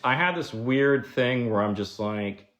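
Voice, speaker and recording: A man guesting on a podcast, telling stories in a casual, animated way, saying "like" a lot and acting out the people he quotes. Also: medium pitch, measured pace. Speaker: guest screenwriter.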